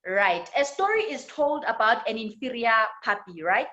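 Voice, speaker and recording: A woman's voice: on the high side, sing-song, moderate pace, fairly bright tone, dull audio. A woman with a South African accent teaching a church women's leadership class, often repeating words and asking "right?". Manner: tag questions, repetitions. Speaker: women's ministry trainer.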